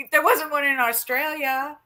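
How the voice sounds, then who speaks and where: A woman host on a casual podcast speaks in a high, bright voice. She talks very slowly and lingers over her words, with a joking, easygoing manner.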